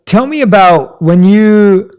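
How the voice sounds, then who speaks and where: A man's voice: sits high, lively intonation, takes it slowly, a little mellow, clear, resonant tone. A man hosting an interview, asking questions in an enthusiastic, reflective way. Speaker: interview host. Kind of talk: conversational interview.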